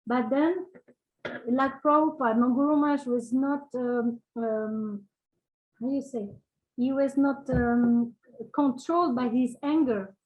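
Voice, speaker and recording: Woman, high voice, casual reminiscing, halting, fillers, light laughs. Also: narrow, tinny audio. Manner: halting, searching for words, frequent fillers; laughs between phrases. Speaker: devotee sharing memories.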